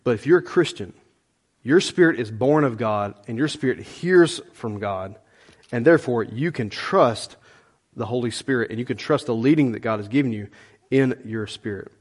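A middle-aged man preaching a sermon as pastor, conversational and animated, with folksy asides to the congregation. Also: medium pitch, normal speed.

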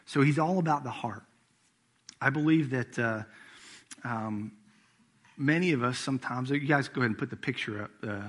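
A man's voice: medium pitch, a bit bright, slightly rough. A middle-aged man preaching a sermon as executive pastor, telling family stories in a casual, conversational way. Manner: storytelling with acted-out quotes, conversational.

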